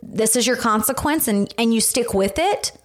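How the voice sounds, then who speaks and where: A woman's voice: a little high, animated, normal speed. A middle-aged woman hosting a podcast, chatting casually with blunt, wry asides. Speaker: podcast host. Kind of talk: casual chat.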